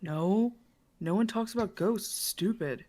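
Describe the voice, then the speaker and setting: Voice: medium pitch, unhurried, darkish tone, natural voice. A player voicing an apathetic college art student who talks in a dismissive, grumbling way during a tabletop role-play. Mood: sullen.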